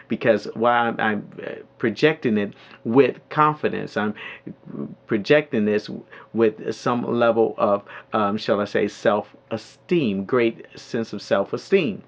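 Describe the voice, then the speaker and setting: A man giving a spoken training lesson on calling sales leads, pausing often with ums and restarts, sometimes acting out phone calls. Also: on the low side. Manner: hesitant with many ums, then lively role-play of phone calls. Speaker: network marketing trainer. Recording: dull lo-fi audio.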